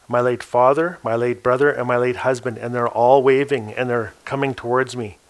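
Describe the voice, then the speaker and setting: A man telling a story aloud on a panel before a live audience. His voice sits in an ordinary middle range and grows animated as he slips into the people he describes. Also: medium pitch.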